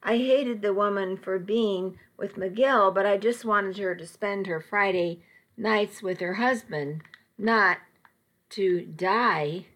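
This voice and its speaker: A woman narrating a novel in the first person, measured and intimate. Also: medium pitch, a bit bright. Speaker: audiobook narrator.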